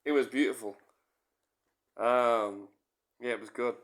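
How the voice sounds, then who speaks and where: A man's voice: mid-range voice, a little slow. A man telling a rambling comic anecdote, swearing casually and often repeating and correcting himself. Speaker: storyteller.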